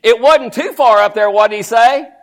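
A man with a strikingly high voice delivers a sermon. He speaks to the congregation directly in a folksy, emphatic way. His delivery drops to low murmurs, then climbs to shouts. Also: normal speed. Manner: folksy, talks straight to the congregation. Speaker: preacher.

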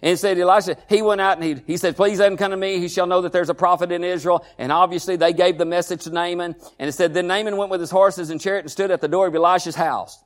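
A pastor preaching a sermon, drawing the congregation in with repeated asides and questions. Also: male voice, sits high, steady tone, fast talker, few pauses. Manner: preaching with call-and-response asides, repeated "huh?" and "listen".

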